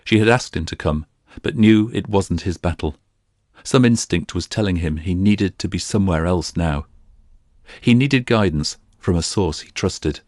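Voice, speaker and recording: A man narrating a fantasy audiobook in a steady storytelling delivery. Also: low-pitched, normal speed, dry recording, studio quality.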